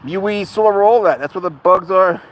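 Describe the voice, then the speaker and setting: A fairly high-voiced man filming himself on a walk outside, talking to his pet in a loose, buddy-like way. He soothes and jokes with the animal between asides to the camera, with a faint outdoor hum and passing traffic behind him. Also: a little fast. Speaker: pet vlogger. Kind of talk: casual vlog talk to camera and pet. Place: outdoors, walking near a cemetery.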